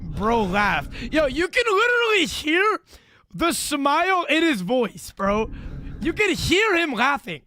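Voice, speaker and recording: Excitable high-voiced young streamer man. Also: takes it slowly, no room sound. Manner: excitable, loud outbursts and laughing. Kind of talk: live reaction commentary.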